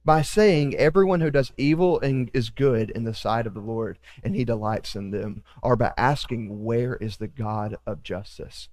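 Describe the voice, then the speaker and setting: Animated male preacher in a reverberant hall. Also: mid-range voice, normal speed, few pauses. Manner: animated, acts out quoted voices, joking asides. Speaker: pastor. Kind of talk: sermon.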